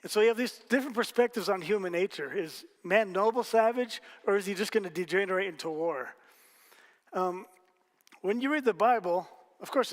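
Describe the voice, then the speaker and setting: A man preaching a sermon as pastor, telling stories casually with jokes and asides to the congregation. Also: high-pitched. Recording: hall reverb.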